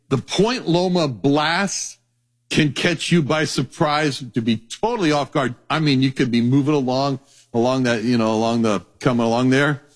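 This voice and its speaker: A man teaching a sermon on a Bible passage, telling stories in a lively way and acting out the voices of people in them. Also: mid-range voice. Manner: animated storytelling, acts out quoted voices.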